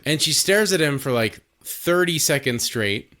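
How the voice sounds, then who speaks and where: A man's voice: on the high side, lively intonation, measured pace, bright, forceful tone. A man co-hosting a podcast in casual chat, laughing often and swearing freely. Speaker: podcast co-host.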